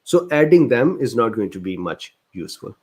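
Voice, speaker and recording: A man hosting a livestreamed medical Q&A, reading viewer questions aloud and answering them. His voice sits at a medium pitch, and an indignant, exasperated edge runs through his explanations. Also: very animated, normal speed, darkish tone, slightly rough. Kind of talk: livestreamed Q&A lecture.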